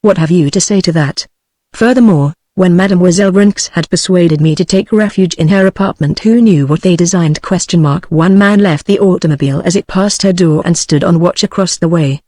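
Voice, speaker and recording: A text-to-speech woman's voice with a British English accent, reading a novel aloud in an even, uninflected way, giving every character the same voice. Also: on the low side, a little fast, dry recording. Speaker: audiobook reader. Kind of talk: synthetic audiobook narration.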